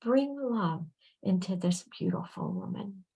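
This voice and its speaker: A woman channeling on a video call, speaking slowly and soothingly as a collective "we", sometimes dropping to a hushed whisper. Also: medium pitch, poor audio. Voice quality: creaky, husky, drifting into soft whispers. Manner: slow, soothing, speaks as a collective "we", often murmurs "dear one". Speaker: channel giving intuitive readings.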